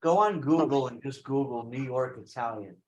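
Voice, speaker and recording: A man's voice: medium pitch, normal speed. A man in a casual online meeting, bantering playfully.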